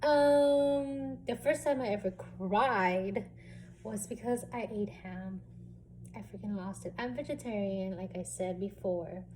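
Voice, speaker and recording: Young woman vlogger, casual storytelling, slow unhurried delivery, chatty with plenty of fillers, faint room noise behind. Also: mid-range voice. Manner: chatty, animated, many fillers.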